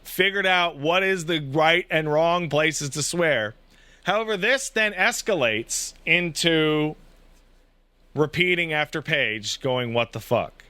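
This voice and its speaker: A man in his thirties, a podcast co-host, telling a family story in casual chat, animated and swearing freely. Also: fairly high pitch, slow, smooth, no room sound.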